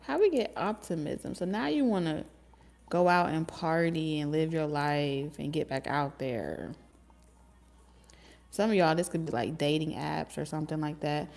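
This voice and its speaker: A woman with a somewhat low voice gives a casual tarot reading. She talks in a lively, teasing way, laughs often and swears freely. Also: unhurried, gravelly, soft background music. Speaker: tarot reader.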